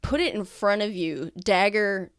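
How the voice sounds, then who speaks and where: A woman's voice: mid-range voice, measured pace, smooth, no echo, studio quality. A woman narrating a tabletop game as game master, describing scenes with many fillers.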